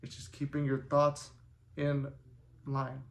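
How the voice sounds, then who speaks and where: Slowly and in a monotone, pausing often, a manifestation vlogger rambles to camera in his apartment, swearing as he encourages viewers in a casual motivational talk. His mid-range voice is muffled by the lack of a good microphone, and the room sounds echoey with faint noise.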